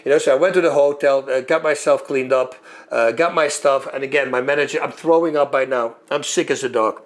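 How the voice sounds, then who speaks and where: A former fighter telling a long story in a lively way, acting out moves and sounds as he goes. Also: medium pitch, a little fast. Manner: animated, acts out moves and sounds. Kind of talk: storytelling monologue.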